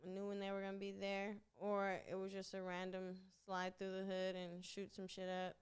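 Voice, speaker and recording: A woman's voice: mid-range voice, completely flat delivery, normal speed, clean tone. A young woman guesting on a podcast interview, telling stories in a laid-back, slangy way and laughing often. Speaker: rapper and singer, interview guest. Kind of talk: casual interview chat.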